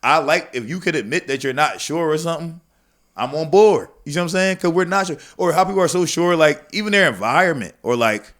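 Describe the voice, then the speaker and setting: A comedian chatting on a podcast in an animated, profane way. His voice sits a bit high for a man. He keeps slipping into mock voices of other people. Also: a little fast. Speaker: comedian guest. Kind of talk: casual podcast chat.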